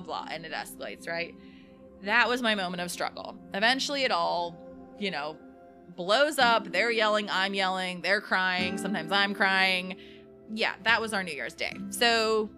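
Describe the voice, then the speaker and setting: A woman hosting a parenting podcast, speaking in an earnest, encouraging and confiding way as she talks about her own family. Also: medium pitch. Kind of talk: personal podcast monologue. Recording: guitar music playing underneath. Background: guitar music.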